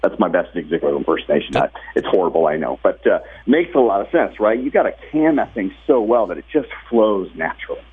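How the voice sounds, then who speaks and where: A man's voice: low-pitched, very animated, quick pace, few pauses, breathy edge. A man being interviewed as a guest who is a professional speaker. He talks energetically and at length, often restarting his sentences. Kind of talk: interview over the phone. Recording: tinny phone line.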